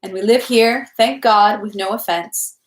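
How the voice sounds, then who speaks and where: A woman reading aloud who voices a gentle male peasant prisoner, speaking in a tender, melodious and soothing way. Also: mid-range voice, fairly even intonation, a little slow, natural voice. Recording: echoey room.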